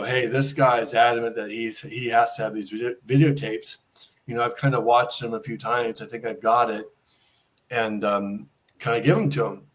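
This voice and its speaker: A middle-aged man telling a personal story as an interview guest, acting out the dialogue he quotes. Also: medium pitch.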